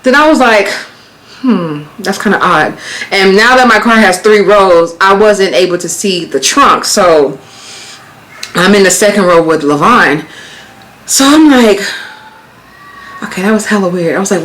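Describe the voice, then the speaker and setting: American lady in her 30s vlogging, chatty storytelling, gets loud and heated, cusses. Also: medium pitch, normal speed, poor audio. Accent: American, Las Vegas. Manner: animated, swearing, rising to exclaim in quoted retellings. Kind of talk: casual storytelling.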